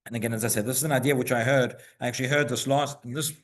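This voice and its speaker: A man's voice: mid-range voice, fairly even intonation, racing. A man teaching the weekly Torah portion to a congregation in a synagogue. He keeps asking rhetorical questions, checks in with "right?", and repeats words as he builds each point.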